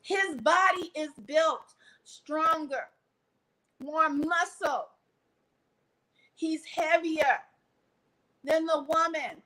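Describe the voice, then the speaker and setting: Woman vlogger, high bright voice, slow and dramatic, preachy livestream rant. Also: rough recording. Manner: theatrical, preachy, acts out scenes with props. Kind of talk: animated livestream talk.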